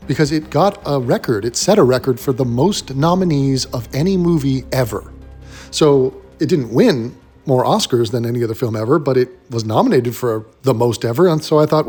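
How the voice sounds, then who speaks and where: A man's voice: mid-range voice, lively intonation, brisk, darkish tone, soft background music. A man hosting a ranting film commentary, blunt, sarcastic and full of profanity. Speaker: commentary host.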